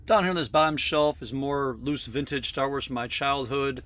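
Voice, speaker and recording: Relaxed middle-aged man, casual narration. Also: mid-range voice, moderate pace. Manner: relaxed, with frequent fillers and self-corrections. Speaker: collector giving a tour of his collection. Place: basement room.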